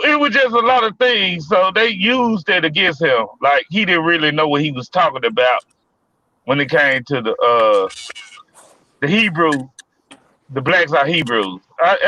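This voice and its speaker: A man's voice: on the high side, lively intonation, moderate pace, pushed and bright, slight background noise, poor audio. A man on a debate panel, talking loosely and repeating himself as he makes his point. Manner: loose, repetitive, restarts often. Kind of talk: casual debate chat.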